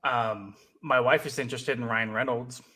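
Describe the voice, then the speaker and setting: A man co-hosting a sports podcast, talking in a relaxed, hesitant way with many fillers. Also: mid-range voice, normal speed, husky, low-quality recording. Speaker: podcast co-host. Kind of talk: casual sports chat.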